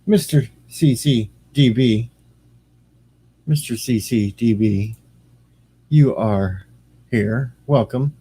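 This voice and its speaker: A man's voice: mid-range voice, slow, long pauses, warm tone, slightly rough. A man casually chatting on his livestream, rambling and greeting viewers by name. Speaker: streamer and radio host.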